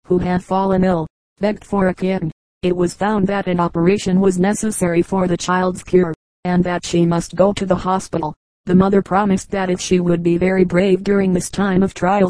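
A woman narrating a collection of humorous anecdotes as an audiobook reader, in an even, measured way. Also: on the low side, dry recording, rough recording.

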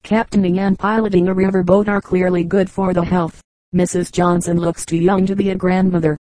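Woman narrator, low flat delivery, mellow tone, dry close sound; steady audiobook reading. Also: fairly quick, no room sound, low-quality recording. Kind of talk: audiobook reading of a travel memoir.

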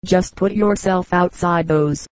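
A woman reading the lines of a friendly adult man, a cyclist who questions a runaway boy in a brisk, kindly way. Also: fairly low pitch, clean tone, no room sound, natural voice.

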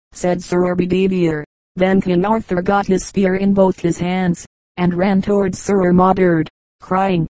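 A woman reading an old tale aloud as an audiobook narrator, measured and steady. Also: fairly low pitch, no room sound, low-quality recording. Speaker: audiobook reader. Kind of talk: storybook narration.

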